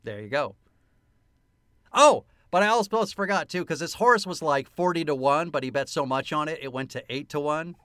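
Male podcast co-host, lively and laughing as he recaps a film, slightly high, smooth tone. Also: normal speed, dry recording, studio quality. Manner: animated, laughing, retelling a film scene by scene. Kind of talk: casual chat.

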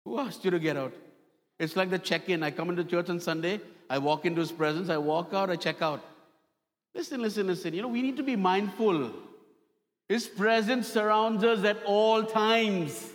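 A man preaching a sermon in a raised, high voice. He repeats his points and acts out little stories with dramatic turns. The sound rings with a long reverb from the hall. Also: moderate pace. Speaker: pastor.

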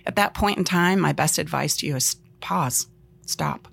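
A woman speaking as a relationship expert guest on a podcast, animated and expressive, often acting out what she would say. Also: deep voice, moderate pace, creaky, a little hiss or hum. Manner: expressive, acts out quoted lines, laughs easily.

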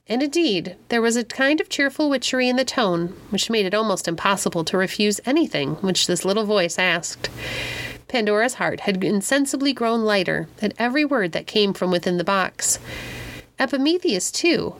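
A woman narrates a classic children's story aloud. Her reading is gentle and expressive, with a mid-range pitch. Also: normal speed. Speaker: audiobook narrator.

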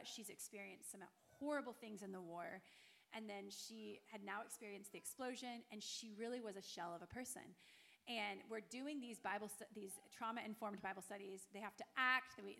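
A woman's voice: mid-range voice, creaky, a bit bright. A middle-aged woman telling a heartfelt story to a church gathering, earnest and full of fillers. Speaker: guest missionary. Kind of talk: church testimony talk.

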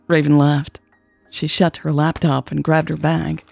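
A woman reading a serialized romance story aloud in a gentle, even storytelling manner. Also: low voice, normal speed, gravelly, faint music behind. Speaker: podcast narrator. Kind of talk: scripted narration of a romance story.

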